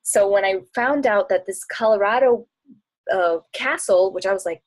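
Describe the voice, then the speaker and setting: A woman's voice: mid-range voice, normal speed. A young woman talking casually as a travel blogger and coach, chatty and bubbly, often laughing and acting out bits of dialogue. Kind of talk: casual talk answering audience questions.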